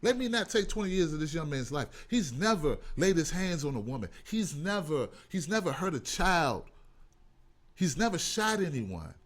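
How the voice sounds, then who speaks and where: A man's voice: on the high side, sing-song, normal speed. Impassioned man ranting on a call-in show. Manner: impassioned, profane, emphatic. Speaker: host. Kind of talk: heated call-in show rant.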